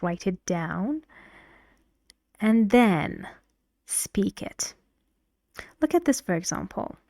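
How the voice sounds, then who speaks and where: Woman teaching super slow and patient, dry close sound. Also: mid-range voice, a little mellow, no echo. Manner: patient, explains step by step with examples. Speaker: English teacher. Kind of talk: slow, careful lesson narration.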